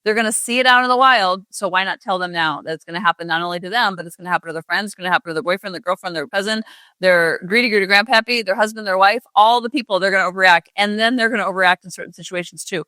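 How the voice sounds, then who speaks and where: A woman's voice: mid-range voice, racing, sharp tone, no room sound. A middle-aged woman hosting a parenting podcast, talking in a chatty, rambling way with sarcastic asides. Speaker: parenting coach and podcast host. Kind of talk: casual podcast monologue.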